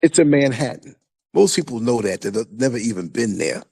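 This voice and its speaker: Gravelly older New man, animated. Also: mid-range voice, fairly quick. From New York. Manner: animated storytelling, emphatic and repetitive. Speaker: podcast host. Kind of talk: casual chat.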